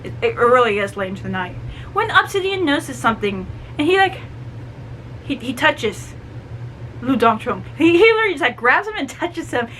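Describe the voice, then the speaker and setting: A woman chatting through a book review, animated and full of "like" and "you know". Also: high-pitched, normal speed, slight background noise, low-quality recording. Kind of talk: casual book review vlog.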